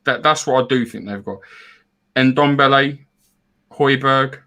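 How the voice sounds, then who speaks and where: A man's voice: medium pitch, slow pace, pushed and bright. Chatty football fan man. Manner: chatty, repeats words, reads out donors. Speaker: fan show co-host. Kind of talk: casual football fan chat.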